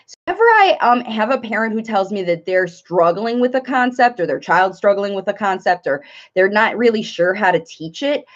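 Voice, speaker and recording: A woman speech therapist and parent coach giving live Q&A advice, talking in an animated way and breaking into playful sing-song examples. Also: mid-range voice, moderate pace, few pauses. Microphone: live stream. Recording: dull lo-fi livestream audio.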